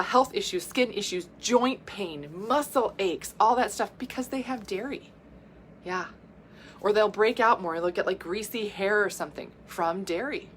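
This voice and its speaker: A woman giving a casual health talk as a coach, chatty and quick to laugh, explaining things with lists and asides. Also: medium pitch, fairly bright tone, a little hiss or hum.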